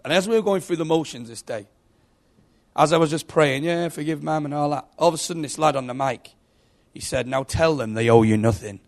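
A middle-aged man giving an emotional sermon testimony, telling stories and swinging from hushed to loud. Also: fairly high pitch, a little fast. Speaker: preacher.

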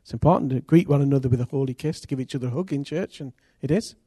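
A man preaching a sermon as pastor, earnest and intimate, with sudden loud rises. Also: mid-range voice, rapid-fire, husky, no echo, studio quality.

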